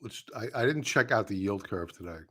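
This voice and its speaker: A man's voice: lowish voice, animated, a little fast, pushed and bright. Blunt man hosting a live trading stream. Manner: blunt, scoffing, repeats points for emphasis. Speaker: livestream stock trading host. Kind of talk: casual live market commentary.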